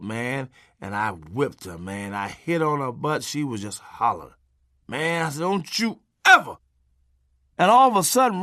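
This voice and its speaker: A man's voice: mid-range voice, bright, forceful tone, dry recording, studio quality. A middle-aged man narrating his memoir in a punchy, folksy, conversational way with salty language.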